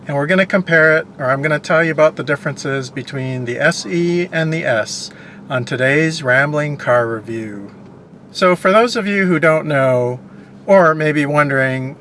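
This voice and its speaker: A man's voice: on the high side, bright, forceful tone, a little hiss or hum. A man hosting a casual car review, talking in a rambling, digressive way full of ums and uhs, from inside a parked car. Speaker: car reviewer and show host.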